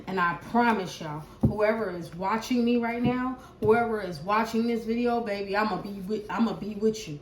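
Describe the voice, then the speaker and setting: A woman giving a tarot collective reading as an impassioned, profane rant. She swings from loud outbursts to hushed prayer. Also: mid-range voice, moderate pace, hardly any pauses, roomy sound, slight background noise, rough recording. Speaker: tarot reader.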